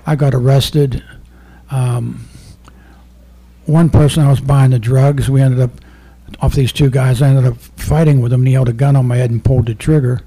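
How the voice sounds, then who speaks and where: A former undercover narcotics officer turned poet, giving a rambling, profane poetry reading full of stories. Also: male voice, mid-range voice, fairly even intonation, moderate pace, dark tone, breathy edge. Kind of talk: live poetry reading with storytelling.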